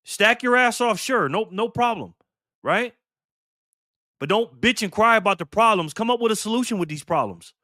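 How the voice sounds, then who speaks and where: Vlog host, 50s man, high bright voice, heated and profane, dry close mic. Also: lively intonation, normal speed, dry recording. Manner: heated, profane, emphatic, preachy. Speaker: channel host. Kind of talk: direct-to-camera vlog rant.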